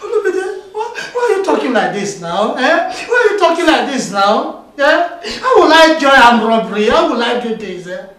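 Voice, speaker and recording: A man's voice: very high-pitched, big pitch swings, moderate pace, few pauses, fairly bright tone, very echoey, far from the mic, full character voice. A man playing a desperate pastor who pleads that he is innocent. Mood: pleading. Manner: pleading, insistent.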